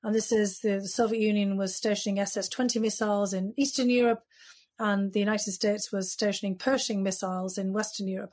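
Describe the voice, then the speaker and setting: A woman's voice: medium pitch, a little mellow, breathy edge. A British woman in her fifties, a guest in an interview, telling stories reflectively with many casual fillers. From United Kingdom. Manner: reflective, storytelling, frequent "you know" fillers. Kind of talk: conversational interview.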